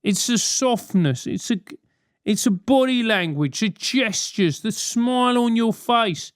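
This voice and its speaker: High-voiced London man, blunt banter. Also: expressive, unhurried, smooth, no echo, clean studio sound. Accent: London English. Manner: blunt, sweary, mock-outraged banter. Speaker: podcast host answering listener letters. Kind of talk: comedic advice monologue.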